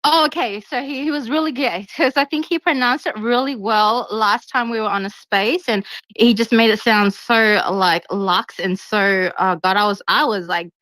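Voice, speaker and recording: A woman who bakes for a living, chatting casually in an online audio room, bubbly and quick to laugh. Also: fairly high pitch, a bit bright, dry recording, rough recording. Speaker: guest baker.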